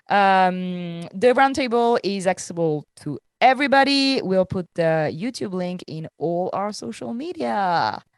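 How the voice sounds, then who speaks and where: A woman's voice: medium pitch, smooth, no echo, studio quality. A woman with a French accent co-hosting a podcast, chatting in a loose, laughing way with many fillers; she sounds tired. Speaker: podcast co-host. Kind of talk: casual podcast chat.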